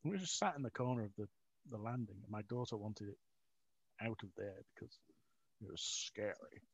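A man's voice: on the low side, animated, a little fast, slightly rough, dry recording. A middle-aged man in a casual chat, rambling with restarts, self-mocking and often chuckling. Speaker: interview guest. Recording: dull lo-fi recording.

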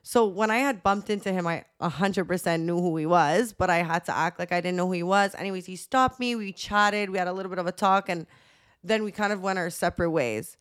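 A woman's voice: fairly low pitch, brisk, clean tone. Chatty young woman telling stories. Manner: chatty storytelling, heavy use of "like", acts out quotes. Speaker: podcast co-host. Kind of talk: casual chat.

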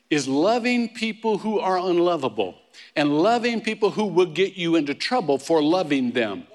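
A male pastor preaching a sermon in a casual, conversational way, with restarts and self-deprecating asides. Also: fairly high pitch. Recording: long hall reverb.

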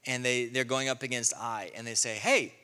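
A male pastor preaching a sermon, telling the story with lively acted-out quotes. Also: medium pitch, moderate pace, clean tone, long reverb tail. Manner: animated storytelling, acting out quotes.

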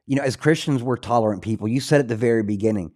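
A man's voice: mid-range voice, rapid-fire, a little mellow. A man hosting a talk show, speaking earnestly with frequent restarts and fillers.

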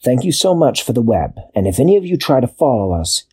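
A man voicing a brave male captain in a told story, giving firm, calm commands. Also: medium pitch, a little fast, breathy edge.

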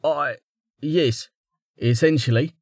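A man's voice: on the high side, takes it slowly, no room sound, voice pushed up. A man putting on a jittery weaver with a raised, eager-to-please voice that bows to every word. He sounds nervous and formal, recorded dry and close with no room sound. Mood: flustered. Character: anxious humble middle-aged male weaver.

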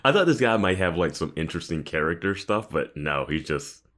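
A man's voice: sits low, animated, fairly quick, fairly bright tone. A man co-hosting a podcast, joking and laughing as he comments on a TV episode, with casual swearing. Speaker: podcast co-host. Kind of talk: casual chat reviewing a TV episode.

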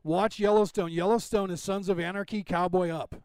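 A middle-aged man co-hosting a podcast in rambling casual chat, swearing freely and telling animated stories. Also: sits high, a little fast, smooth. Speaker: podcast co-host.

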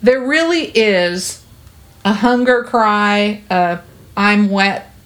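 A woman's voice: medium pitch, slow pace, a bit bright. Woman, parenting guest; earnest, reassuring, conversational. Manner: earnest, reassuring, talks with many fillers. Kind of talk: conversational interview.

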